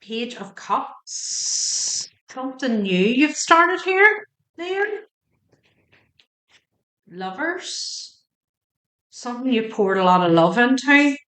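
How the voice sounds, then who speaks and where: Slow, chatty woman reading tarot. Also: on the high side, animated, a bit bright, reverberant. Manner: chatty and emotional, asking the cards questions aloud. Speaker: tarot reader. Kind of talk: spoken tarot card reading.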